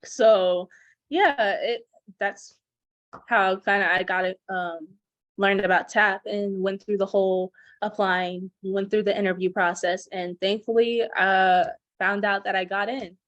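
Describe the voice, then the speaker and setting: A woman's voice: mid-range voice, a little slow, dry recording, lo-fi sound. Chatty young woman, dry sound. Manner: chatty, laughs, speeds up when excited. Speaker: program graduate. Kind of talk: casual video-call conversation.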